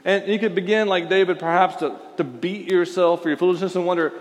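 A man's voice: high-pitched, fairly even intonation, fairly quick, long reverb tail. A man preaching a sermon as a pastor, talking in an informal, storytelling way with fillers and restarts. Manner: conversational, with frequent fillers and restarts.

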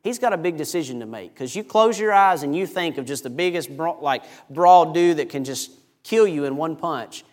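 A man preaching a sermon in a church, retelling a story in a lively, animated way. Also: on the high side, moderate pace, in a large hall. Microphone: microphone over PA.

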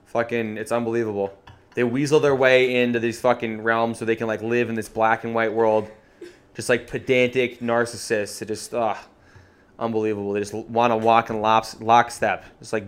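Man, podcast co-host, crisp resonant voice, profane rambling storyteller. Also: on the low side, flat delivery, moderate pace. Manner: profane, ranting, repeats phrases.

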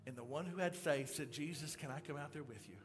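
Speaking at a quick pace in a slightly high voice, a middle-aged pastor moves through his sermon from calm storytelling to loud, excited preaching.

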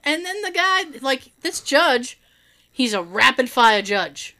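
A woman spins a long, animated story in casual conversation, laughing and swearing as she goes. Her voice sits a bit high, swoops widely and has a bright, forceful edge. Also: takes it slowly.

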